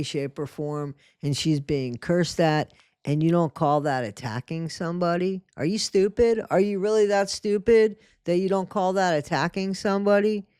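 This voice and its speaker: A man's voice: a little high, darkish tone, clear, resonant tone, dry recording, clean studio sound. A man hosting a commentary channel, reacting indignantly and scolding the people he addresses.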